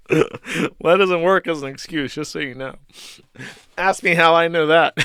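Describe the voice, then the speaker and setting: A man's voice: fairly high pitch, pushed and bright, no room sound, clean studio sound. Sardonic man ranting on stream. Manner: mocking, rambling, swearing. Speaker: streamer host. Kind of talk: sarcastic commentary stream.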